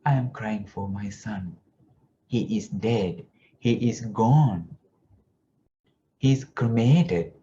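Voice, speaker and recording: A man's voice: fairly low pitch, takes it slowly, pauses often, warm tone, dull audio, slight background noise. A man telling of a grieving, humbled father.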